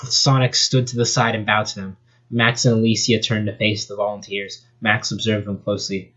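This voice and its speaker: A man's voice: lowish voice, little pitch movement, normal speed, bright, forceful tone, muffled recording. A young man casually reading a fan story aloud, chatty and joking about the text. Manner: chatty, laughs at the text, off-script asides. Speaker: amateur story reader.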